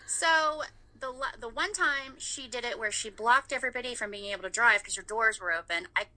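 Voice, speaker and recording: Woman in her 30s, super bright voice, animated storyteller, curses a lot. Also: a little high, brisk, poor audio. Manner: animated storyteller, swears freely. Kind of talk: casual chat.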